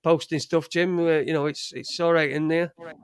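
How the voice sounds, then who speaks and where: A man's voice: a little high, flat delivery, moderate pace, smooth, no room sound, clean studio sound. A man hosting a casual live chat show, rambling and swearing freely. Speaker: podcast host.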